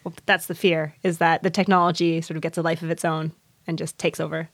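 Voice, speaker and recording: A woman's voice: sits low, little pitch movement, fairly quick, dry recording. Woman podcast host explaining, dry sound. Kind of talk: casual storytelling chat.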